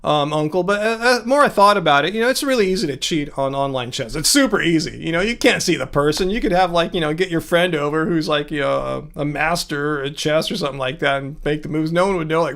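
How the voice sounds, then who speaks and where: Male livestream host, higher-pitched voice, sarcastic ranting, chatty with viewers. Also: fast, vocal fry, hardly any pauses, a bit bright. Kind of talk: casual livestream chat reading viewer comments.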